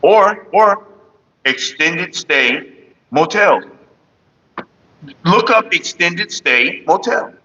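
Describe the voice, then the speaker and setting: A man rambling on a casual morning stream, swearing freely and drifting from topic to topic. His voice sits a bit high and comes across bright and forceful. The sound is dull and lo-fi, like a phone recording. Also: animated, very slow, pauses often. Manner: profane, rambling, talks to viewers and his partner; sings loudly and off-key at times. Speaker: vlogger. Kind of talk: casual morning livestream chat.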